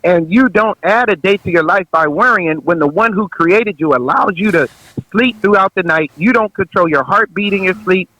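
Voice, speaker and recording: A man giving a preachy, forceful talk on health as a guest naturopath. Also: sits high, normal speed, few pauses, no room sound, low-quality recording.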